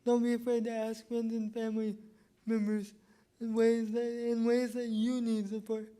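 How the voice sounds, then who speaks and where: A man sums up workshop takeaways in a measured, list-like delivery. His voice is mellow and dark, and his pitch barely moves. He keeps each point plain and steady. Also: clean tone. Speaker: workshop co-presenter. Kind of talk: summarizing presentation slides.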